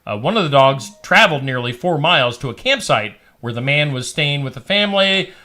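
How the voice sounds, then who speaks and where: A man's voice: on the high side, expressive, fairly quick, bright, forceful tone. A man hosting a radio show, reading odd news stories with jokey asides. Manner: barks like a dog for laughs.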